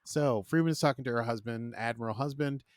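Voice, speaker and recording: A man's voice: medium pitch, quick pace, dry recording, studio quality. A man hosting a podcast, casually recapping a TV episode in a chatty, jokey, self-deprecating way. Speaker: podcast host.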